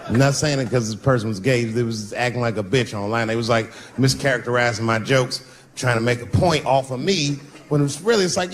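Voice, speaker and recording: A man doing stand-up comedy, telling stories in an animated, profane way. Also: mid-range voice, quick pace, a little hiss or hum.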